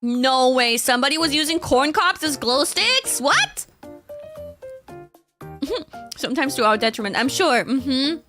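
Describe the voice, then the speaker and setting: A woman's voice: sits high, expressive, normal speed, bright, forceful tone, soft background music. A young woman chatting casually on her stream, rambling with fillers and frequent giggles. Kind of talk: casual chat.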